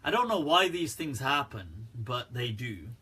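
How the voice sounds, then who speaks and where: A man with a bright, slightly husky voice gives a loose, joking livestream Q&A and laughs often. He talks straight to his viewers and keeps saying "right" and "people" between his points. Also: mid-range voice, very animated, unhurried. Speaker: Islamic scholar answering questions. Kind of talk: casual livestream Q&A talk.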